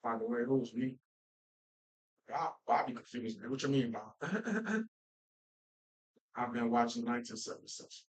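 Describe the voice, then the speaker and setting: A man from Minnesota hosting a casual football talk stream, animated and playful, laughing often and using slang. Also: medium pitch, measured pace, long pauses, rough recording. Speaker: football talk show host. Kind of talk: casual livestream chat.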